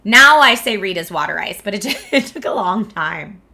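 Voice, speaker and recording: Streaming from home in California, this Philadelphia-area woman reads viewer comments in a casual chat and laughs a lot. She sounds animated, with a mid-range voice, some vocal fry, a sharp tone and a moderate pace.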